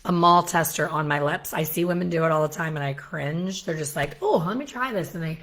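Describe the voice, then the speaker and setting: A middle-aged woman hosting a casual solo talk about hair color, chatty and self-deprecating with animated asides. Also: deep voice, a little fast. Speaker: hair colorist educator, show host. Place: home in Florida.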